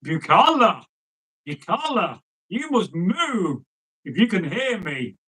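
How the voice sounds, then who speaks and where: A man storyteller doing a determined teenage Viking lad who calls out earnestly across the land, his voice sitting fairly high. It is a simple spoken folk-tale telling, with no staged production. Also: sing-song, slow, husky, exaggerated voice, rough recording. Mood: calling. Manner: earnest, calling out loudly.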